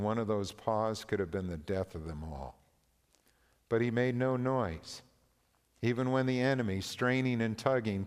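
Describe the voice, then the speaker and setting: A man preaching a sermon, reading a story and scripture aloud in a slow, earnest, deliberate manner. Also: mid-range voice, clean tone. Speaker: pastor. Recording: long reverb of a large hall.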